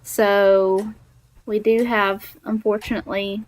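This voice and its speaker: A woman's voice: mid-range voice, little pitch movement, slow. A young woman from Alabama with a Southern accent, chatting in a bubbly, giggly way while she streams a game. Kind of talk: casual gaming livestream chat.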